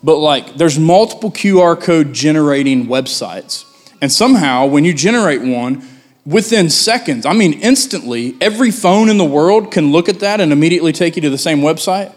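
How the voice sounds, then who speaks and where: Animated pastor preaching a sermon. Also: male voice, on the high side, moderate pace. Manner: conversational preaching, rising to loud pleading when acting out a prophet's complaint.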